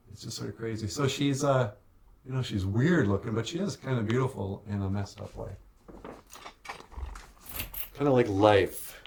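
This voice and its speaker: A cartoonist with an Ojibwe reservation accent, giving a casual, rambling studio tour with jokes and lots of fillers. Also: male voice, on the low side. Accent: Ojibwe reservation English. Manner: rambling, joking, with many fillers. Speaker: show creator and cartoonist.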